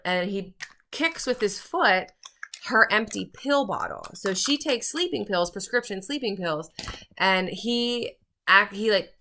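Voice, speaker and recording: Young woman vlogger, casual book chat with acted-out dialogue, bright voice. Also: mid-range voice, smooth. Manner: chatty, many fillers, acts out quoted dialogue. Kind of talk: casual book talk while doing makeup.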